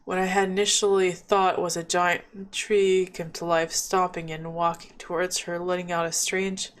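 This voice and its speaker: A woman's voice: lowish voice, flat delivery, normal speed. A woman reading a visual novel aloud, breaking off with chatty asides. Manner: reads dialogue and narration, breaks off with chatty asides. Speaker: game narrator.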